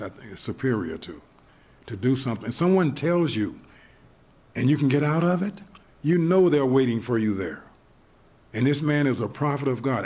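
A man preaching a sermon, retelling stories in an animated way, chuckling often and restarting his sentences. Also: mid-range voice. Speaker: pastor.

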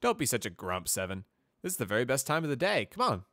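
A man's voice: fairly low pitch, fairly quick, a bit bright, dry recording, studio quality. A man voicing a cheerful, eager young male pegasus navigator in a fan storybook reading. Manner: upbeat, eager, talkative.

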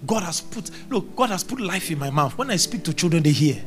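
A man's voice: fairly high pitch, big pitch swings, brisk, few pauses, a bit bright, faint music behind. A middle-aged man preaching a sermon at a church service, emphatic and repetitive, quoting scripture. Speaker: pastor.

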